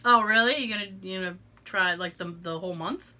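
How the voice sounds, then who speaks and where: A woman's voice: mid-range voice, brisk, pushed and bright. A woman co-hosting a podcast in casual chat, talking in a rambling way with lots of fillers and restarts. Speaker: podcast co-host.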